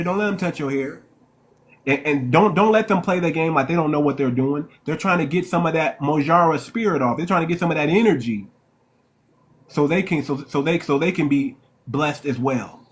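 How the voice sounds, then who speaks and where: A man with a somewhat high-pitched voice hosts a live stream and speaks with emphatic, sermon-like conviction. He turns to his listeners again and again, rallying them as he reads their comments aloud. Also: moderate pace. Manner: emphatic, preacher-like, addresses the audience as y'all. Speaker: livestream host. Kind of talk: live-stream discussion reading chat comments.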